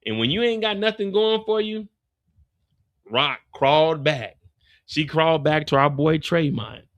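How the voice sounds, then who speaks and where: A man hosting a casual TV after-show recap, animated and slangy, acting out the scenes. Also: on the high side, normal speed. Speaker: YouTube after-show host.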